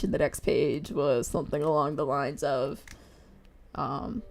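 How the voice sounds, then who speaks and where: A woman with a low, creaky, darkish voice speaks unhurriedly while streaming as she draws. She chats casually and giggles as she retells things, acting out quotes.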